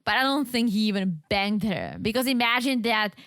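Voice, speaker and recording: A woman with a fairly high voice talks through a reality-show recap in casual chat. She is animated and keeps slipping into quoted voices. Her podcast mic sounds close and dry. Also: normal speed, dry recording. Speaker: podcast co-host.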